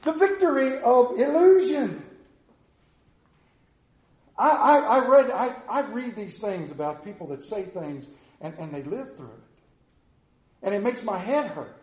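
A man preaching a sermon, telling folksy stories and swinging between loud emphasis and quiet asides. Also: sits high, roomy sound. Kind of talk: sermon with anecdotes.

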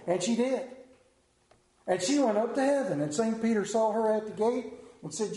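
Male preacher, high voice, folksy and joking, echoey hall. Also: animated, brisk, dark tone. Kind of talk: Mother's Day sermon. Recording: roomy hall echo.

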